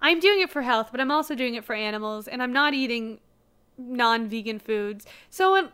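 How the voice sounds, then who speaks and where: A young woman co-hosting a casual chat, animated and full of "like" fillers. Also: a little high, moderate pace, clear, resonant tone. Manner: animated, frequent "like", laughs often. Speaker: co-host.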